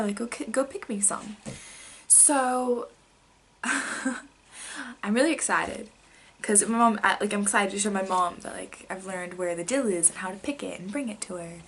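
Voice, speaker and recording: A young woman vlogger casually telling childhood stories to camera, rambling with many fillers and sometimes dropping to a soft whisper. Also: a little high, moderate pace, husky.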